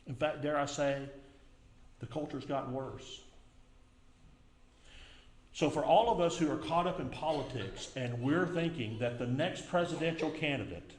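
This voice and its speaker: A middle-aged man preaches a sermon in an earnest, chatty way and often repeats himself. His voice sits a little high. The sound carries the echo of a church sanctuary. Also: normal speed, long pauses. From United States. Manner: earnest, conversational preaching with repetitions. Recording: echoey church room.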